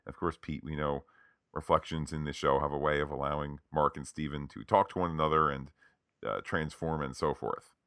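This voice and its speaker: Deep-voiced guy recapping a show on a podcast, punchy tone, lots of uhs. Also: fairly even intonation, normal speed, a bit bright, no echo, studio quality. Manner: conversational, with frequent "uh" fillers. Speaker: podcast co-host. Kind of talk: episode recap narration.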